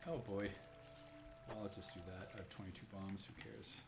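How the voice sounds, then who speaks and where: A man live-streams a platform game in casual commentary, rambling and thinking aloud, often cutting himself off mid-sentence and asking "right?". His voice is fairly low, level and gravelly at a normal speed, with roomy echo and faint music in the recording.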